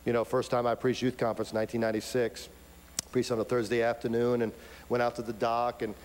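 A man preaching a sermon, swinging from loud, emphatic peaks to soft, intimate asides. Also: mid-range voice, monotone, fast. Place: large church sanctuary. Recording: hall reverb, faint hum.

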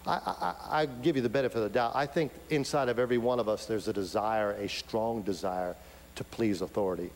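A man preaching a sermon, swinging from loud, emphatic peaks to soft, intimate asides. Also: lowish voice, brisk. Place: large church sanctuary. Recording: hall reverb, faint hum.

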